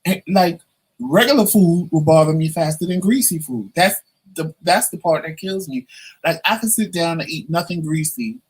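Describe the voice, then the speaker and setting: This vlogger's voice is a little high and slightly rough, moving at a moderate pace. He chats to the camera about his own experience, animatedly voicing the characters he quotes, and the recording quality is rough.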